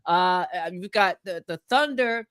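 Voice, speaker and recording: A man's voice: high voice, unhurried, a bit bright, smooth, dry recording, studio quality. A man hosting a live sports talk show, emphatic and slangy in a casual way. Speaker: show host.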